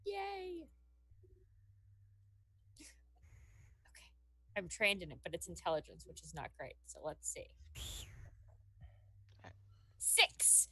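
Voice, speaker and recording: A woman's voice: sits low, a little slow, pauses often, pushed and bright, breathy edge, dry recording. A woman playing a tabletop game, talking in an eager, chirpy way. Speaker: player. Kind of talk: casual game chat.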